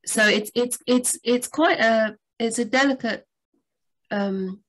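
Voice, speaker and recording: A woman co-hosting a live writing Q&A, chatty and rambling, with sudden lively jumps in pitch. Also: slow. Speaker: book editor and co-host. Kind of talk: live Q&A chat.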